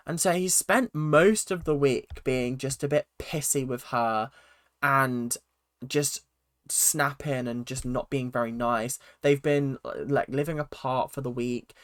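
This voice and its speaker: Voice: mid-range voice, slow pace, dry recording. A speaker giving a casual, chatty recap of a reality TV episode and acting out quotes in silly voices. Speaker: reality TV reaction vlogger.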